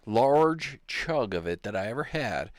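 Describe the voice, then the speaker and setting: A man's voice: medium pitch, very animated, measured pace, no room sound, clean studio sound. Easygoing man co-hosting a podcast. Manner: easygoing, agreeable, laughing along. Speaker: podcast co-host. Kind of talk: casual podcast chat.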